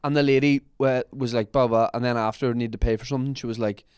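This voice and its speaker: A man co-hosting a casual podcast, retelling stories with lively acted-out bits. His voice sits at a middle pitch. The sound is dry and close to the mic. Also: quick pace, clear, resonant tone, no echo. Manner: storytelling, animated retelling. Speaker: podcast co-host. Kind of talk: casual chat.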